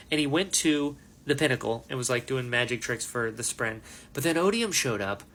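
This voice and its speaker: A man hosting a casual book reaction, talking in a rambling, excitable way with lots of fillers. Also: a little high.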